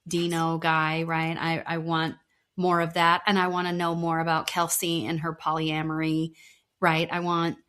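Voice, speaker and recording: A woman's voice: sits low, monotone, moderate pace, fairly bright tone, clear, resonant tone. A woman co-hosting a podcast, chatting casually about reality TV, laughing often and trailing off mid-thought. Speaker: podcast co-host.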